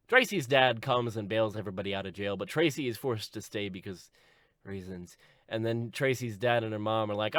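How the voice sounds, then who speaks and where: A man giving a deadpan, sarcastic comedic plot recap as a video host. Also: a little fast, no echo. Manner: deadpan sarcastic, lively swings in pitch.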